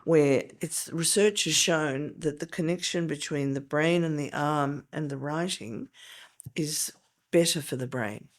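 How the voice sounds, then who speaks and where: A woman's voice: deep voice, a little slow. Emphatic older woman teaching. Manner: emphatic, teacherly, explains step by step. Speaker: guest, veteran teacher. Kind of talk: podcast interview.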